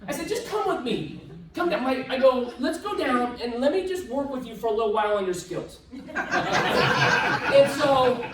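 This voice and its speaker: A man speaking at a live seminar, telling an animated story and acting out both sides of the dialogue. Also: very high voice, normal speed, heavy background noise. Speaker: motivational speaker. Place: event hall with live audience. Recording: echoey hall, voice from far off.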